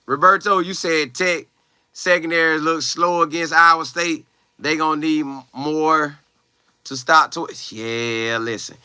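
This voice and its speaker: A young man livestreaming and reading viewer comments, talking loose and slangy with lots of exclamations. His voice sits fairly high and cuts through very brightly. The sound is dry and close, with no room around it. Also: fairly even intonation, a little slow, clean tone, dry recording. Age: young adult. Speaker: college football player livestreaming. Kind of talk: casual live chat, reading viewer comments aloud.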